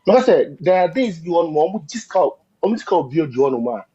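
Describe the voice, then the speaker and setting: Ghanaian man, political commentator, emphatic and repetitive, lively pitch, slightly raised voice. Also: a little fast, breathy edge. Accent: Ghanaian English. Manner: emphatic, repetitive, mixes in Twi phrases. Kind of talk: heated political discussion. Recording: dull lo-fi audio.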